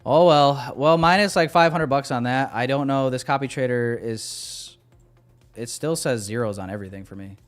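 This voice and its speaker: Young male streamer, casual and wry with chat, smooth clear voice, faint music underneath. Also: mid-range voice, moderate pace. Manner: casual, self-deprecating, talking to chat. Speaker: day trader streaming live. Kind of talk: live-stream commentary.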